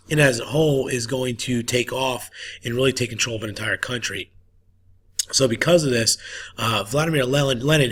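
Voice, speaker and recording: A man's voice: mid-range voice, sharp tone, slight background noise. A man teaching a history lesson in a casual, repetitive way with lots of fillers, coughing now and then. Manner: casual, repeats himself, many fillers. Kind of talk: recorded classroom lecture.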